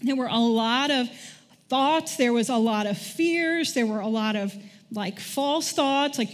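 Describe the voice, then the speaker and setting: A woman's voice: fairly high pitch, measured pace. A middle-aged woman preaching a sermon in a conversational way, often asking the congregation questions. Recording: long church hall reverb.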